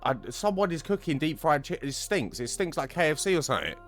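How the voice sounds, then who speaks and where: A man's voice: on the high side, expressive, brisk, faint music behind. A man hosting a podcast, chatting casually and asking rambling questions full of fillers. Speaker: podcast host.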